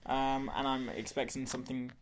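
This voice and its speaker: A man's voice: mid-range voice, little pitch movement, normal speed, a little hiss or hum. A man co-hosting a casual film podcast, rambling and hesitant with many fillers and restarts. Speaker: podcast co-host.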